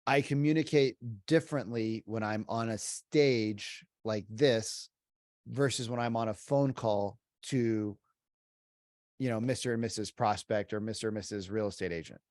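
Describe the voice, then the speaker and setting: A man's voice: fairly low pitch, moderate pace, a little mellow, no room sound. Emphatic man in a dry-sounding room. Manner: emphatic, peppered with "like" and "right?". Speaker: podcast guest, sales trainer. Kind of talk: casual podcast talk.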